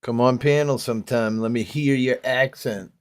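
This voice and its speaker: A man's voice: medium pitch, steady tone, normal speed, smooth, no echo, studio quality. A man with toothless, gummy speech, chatting casually on a livestream, laughing often and reading comments aloud. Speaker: livestream host reading chat.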